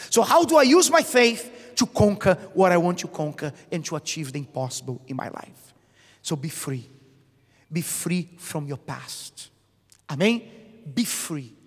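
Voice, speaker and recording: A man preaching a sermon as a bishop in a large theatre, emphatic, asking rhetorical questions and calling for "Amen?". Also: high-pitched. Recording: long hall reverb in a theatre.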